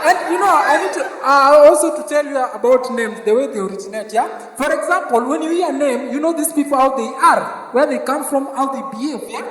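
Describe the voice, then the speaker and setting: A man's voice: very high-pitched, a little fast, few pauses, a bit bright. A Kenyan man performing stand-up comedy to a live crowd, punchy and forever checking in with "yeah?". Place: outdoor park show. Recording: distant, echoey open-air sound with crowd.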